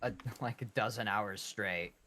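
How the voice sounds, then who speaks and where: A man's voice: on the low side, a little slow, pushed and bright, a little hiss or hum. A man chatting casually while gaming with a friend, rambling and playfully sarcastic. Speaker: co-op gaming partner.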